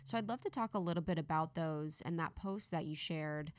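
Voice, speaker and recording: A woman's voice: sits low, a little fast, slight background noise. A woman podcast host with an American accent, chatting casually and thinking aloud with fillers. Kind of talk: podcast conversation.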